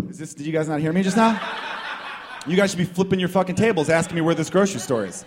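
A man's voice: on the high side, fast. Profane, riffing stand-up comic man. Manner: profane, riffing, animated delivery. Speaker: stand-up comedian. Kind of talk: stand-up comedy set. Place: live comedy show with small crowd.

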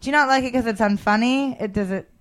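A woman's voice: on the high side, quick pace. A woman comedian as a guest in a casual interview, rambling and self-deprecating about her jokes.

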